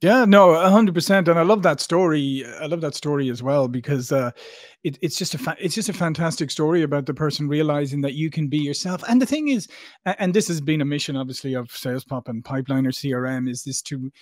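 A man hosting a sales podcast, talking enthusiastically with frequent restarts and quick affirmations. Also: a little high, no echo, studio quality. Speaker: podcast host. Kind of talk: podcast interview.

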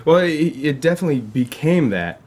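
A man's voice: on the high side, expressive, fairly quick, darkish tone, breathy edge. A man talking in a casual panel discussion, hesitant and skeptical, with lots of fillers.

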